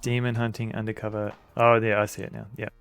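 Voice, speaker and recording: A man's voice: lowish voice, level tone, quick pace, gravelly, a bit bright. Streamer guy chatting over a retro game, rambly and chuckly, faint game music. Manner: rambling, chuckling, greets chat. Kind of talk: casual game commentary.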